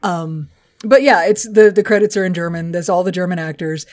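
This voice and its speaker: A woman's voice: on the low side, fairly quick, darkish tone. A woman co-hosting a podcast in casual chat, chatty and profane, laughing often as she recaps. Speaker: podcast co-host.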